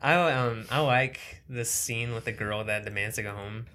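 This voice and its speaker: Woman with a super deep voice, podcast cohost, casual movie recap chat, kinda dry. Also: fairly even intonation, moderate pace, fairly bright tone. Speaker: podcast co-host.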